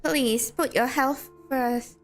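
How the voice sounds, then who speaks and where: A woman's voice: high voice, fairly even intonation, slow pace. A woman streamer chatting casually with her viewers while playing a game, rambling and full of "like". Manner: chatty, rambling, reacts to chat with restarts and "like". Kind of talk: casual livestream chat. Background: game music.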